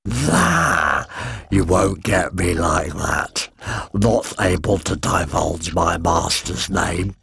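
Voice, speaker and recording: A hulking furry monster voiced by a man that rumbles along in a slow, gravelly drawl, cheerfully matter-of-fact about its grim work. The voice is husky and sits low. The audiobook recording is dry and close. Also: lively intonation, fairly bright tone, no echo, exaggerated voice. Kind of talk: audiobook character voice.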